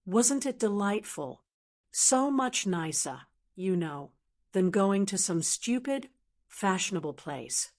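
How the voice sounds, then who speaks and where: A text-to-speech woman's voice reading the lines of a cheerful, earnest young woman in a storybook, in an even, measured way. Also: medium pitch. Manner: even, measured synthetic delivery.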